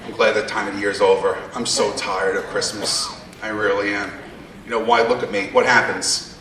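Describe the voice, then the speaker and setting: A male stand-up comedian with a fairly low, flat voice speaks at normal speed, brashly teasing the crowd with asides. He performs on a theater stage before a live audience, captured from afar in an echoey room with background noise and audience laughter.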